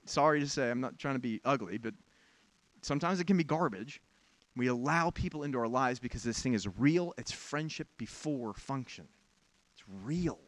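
A man's voice: medium pitch, expressive, moderate pace, no room sound. A pastor giving a sermon in a candid, conversational way, with frank asides to his congregation.

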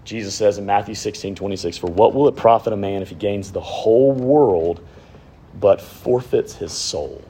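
Pastor, man in his thirties, husky voice, preaching with strong swings between loud and hushed. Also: on the low side, normal speed. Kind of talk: sermon.

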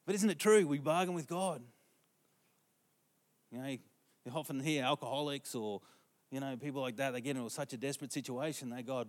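A middle-aged man preaching, with a voice at a middle pitch. He talks conversationally, telling stories and throwing questions out to his listeners. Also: brisk, pauses often. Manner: conversational, asks the congregation questions. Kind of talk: sermon with storytelling.

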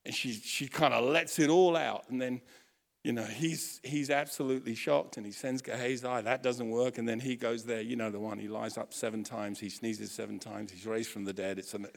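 A man preaching a sermon, telling a story with lively acted-out quotes and frequent restarts. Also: mid-range voice, fairly quick, creaky. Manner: animated storytelling, acts out quotes, self-correcting restarts. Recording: long hall reverb.

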